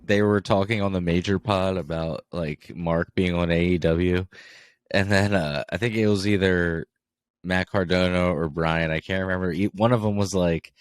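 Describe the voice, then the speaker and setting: A man's voice: low-pitched, fairly even intonation, normal speed, smooth, no echo. A young man co-hosting a podcast, chatting casually and telling side stories full of "like". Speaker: podcast co-host. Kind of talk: casual chat.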